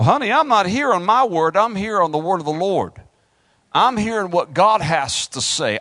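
A man's voice: on the high side, fairly bright tone, no echo. A man preaching a fervent sermon, calling out to the congregation and swinging his delivery up and down. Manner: fervent call-and-response preaching, rising and falling.

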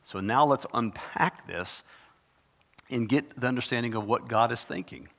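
A man preaching a sermon in a dramatic, conversational way, with sudden bursts of loud emphasis. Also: medium pitch, moderate pace, vocal fry. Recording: long reverb of a large hall.

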